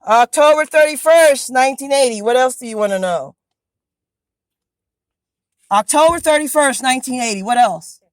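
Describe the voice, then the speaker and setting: A woman's voice: high-pitched, expressive, normal speed, pauses often, no room sound, poor audio. An American woman in her forties, insistent and rambling, talking from inside her parked car during a police stop. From USA. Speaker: motorist questioned by police. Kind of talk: tense confrontation.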